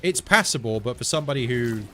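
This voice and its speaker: A man's voice: medium pitch, expressive, quick pace, fairly bright tone, slight background noise. An English man chatting casually and digressively to viewers while streaming a video game. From England. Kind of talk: casual live-stream chat while gaming.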